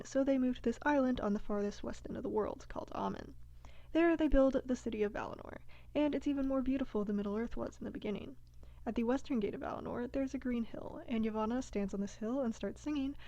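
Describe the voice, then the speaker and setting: A woman retells an old fantasy saga in breezy, slangy, comic narration. Her voice sits a little high and has a gravelly fry with a mellow tone. The recording sounds dull and dry, with no room echo. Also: brisk. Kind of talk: casual comedic story retelling.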